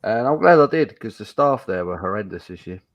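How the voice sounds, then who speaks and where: A fairly low-pitched man joining casual stream banter. He is blunt and swears freely, complaining plainly about the bar staff. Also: animated, brisk, dry recording, highs cut off. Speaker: guest co-host.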